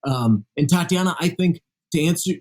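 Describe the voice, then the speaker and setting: Guest author, male, slightly high and husky, earnest explainer. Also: lively intonation, moderate pace, darkish tone. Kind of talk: conversational interview.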